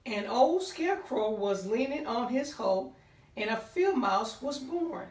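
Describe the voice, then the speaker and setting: Slow-reading woman in a roomy space. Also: fairly high pitch, lively intonation, darkish tone. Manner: unhurried, points out pictures and counts along. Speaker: storytime reader. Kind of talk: reading a picture book aloud to children. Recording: roomy sound, voice distant from the mic.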